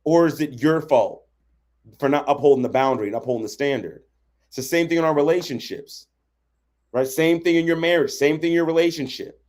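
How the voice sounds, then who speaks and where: A livestream relationship coach, his voice fairly high and a little mellow, talks a little fast as he teaches boundaries. He keeps it conversational, regularly tossing in "right?".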